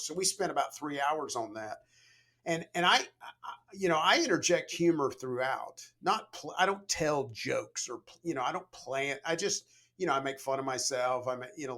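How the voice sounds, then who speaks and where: A middle-aged man, a leadership coach, chatting as a podcast guest and telling stories in a relaxed way, full of "you know". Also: mid-range voice. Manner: storytelling, relaxed, frequent "you know" fillers. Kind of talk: conversational podcast interview.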